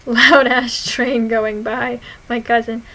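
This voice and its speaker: Bright giggly young woman vlogger. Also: on the high side, low-quality recording. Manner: giggly, swearing, animated retelling. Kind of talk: casual reading of her own posts.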